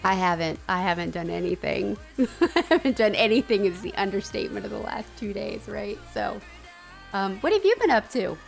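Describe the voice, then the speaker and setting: A woman's voice: medium pitch, lively intonation, moderate pace, vocal fry. A woman streamer in a casual livestream chat, chatty and giggly, rambling with fillers. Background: soft background music.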